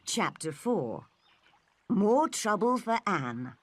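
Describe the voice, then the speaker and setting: Slow, expressive woman narrator. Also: mid-range voice, no echo, faint music behind. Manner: careful, expressive storytelling. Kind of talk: slow, clear audiobook narration for learners.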